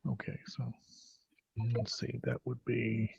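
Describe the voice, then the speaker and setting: Slow, gravelly man at the game table. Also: mid-range voice, monotone, a little mellow, no room sound. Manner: slow, thinking aloud over the rules. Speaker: player. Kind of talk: casual tabletop play. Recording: dull lo-fi mic.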